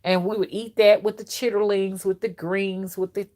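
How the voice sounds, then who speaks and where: A middle-aged woman, chatting and telling childhood stories to a live chat on her phone, outspoken and animated. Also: medium pitch, normal speed. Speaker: livestream host and rootworker. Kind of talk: casual storytelling to a live chat.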